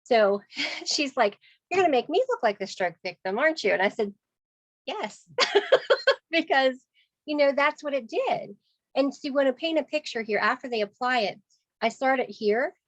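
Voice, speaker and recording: Upbeat woman consultant, a little high-voiced, sharing a client story on a slightly muffled call, playing every voice in it. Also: moderate pace, no room sound. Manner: lively, acts out quoted voices, laughs often. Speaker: skincare sales consultant. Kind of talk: storytelling sales tips on a group call. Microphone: video call.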